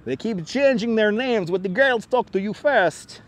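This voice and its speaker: A man's voice: high voice, lively intonation, measured pace, voice pushed up. A man voicing a sleazy, pushy male spam-ad announcer with an exaggerated Russian accent and a salesy delivery. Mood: salesy, mocking.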